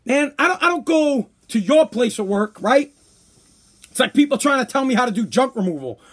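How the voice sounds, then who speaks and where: A man's voice: extremely high pitch, big pitch swings, moderate pace, a bit bright, husky. A man hosting a podcast, ranting bluntly and profanely in a casual monologue. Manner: profane, blunt, worked-up rants. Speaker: podcast host.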